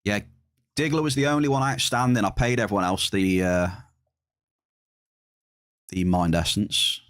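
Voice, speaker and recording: A man's voice: fairly low pitch, fairly even intonation, unhurried, a bit bright, dry recording, clean studio sound. A man giving live game stream commentary, teasing his chat in a playful, bantering way.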